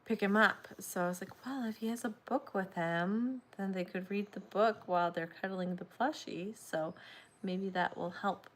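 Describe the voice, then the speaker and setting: A sleepy woman hosts a relaxed crochet livestream, her talk rambling and unhurried. She yawns as she chats and reads viewer comments aloud, with a middle-pitched voice. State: tired and yawning. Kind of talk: casual livestream chat.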